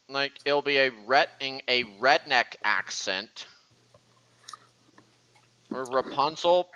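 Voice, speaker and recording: A man's voice: mid-range voice, pushed and bright, clear, resonant tone, dull audio. A young man hosting a casual voice-chat stream, rambling and often restarting his sentences. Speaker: stream host.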